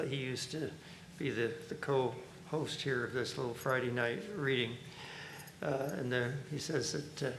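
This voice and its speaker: A man's voice: mid-range voice, creaky. A man leading a spiritual reading group, commenting casually with chuckles and frequent fillers. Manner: relaxed, chuckling, hesitant with fillers. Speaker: monk leading a reading and discussion. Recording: roomy echo, faint background noise.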